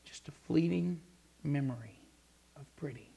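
A male preacher telling a Bible story, repeating words as he builds to fervent shouting. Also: fairly high pitch, measured pace, creaky, breathy edge. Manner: stammering repetitions, swelling into fervent shouts. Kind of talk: sermon.

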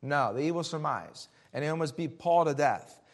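A man preaching a sermon and reading scripture, throwing out rhetorical questions and swinging between loud emphasis and hushed warnings. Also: on the high side, animated, moderate pace. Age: adult, Army veteran.

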